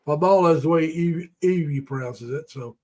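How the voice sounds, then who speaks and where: A man's voice: fairly high pitch, moderate pace, warm tone, husky. An older man hosting a casual live stream, telling rambling, folksy stories about the past and greeting viewers by name. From United States.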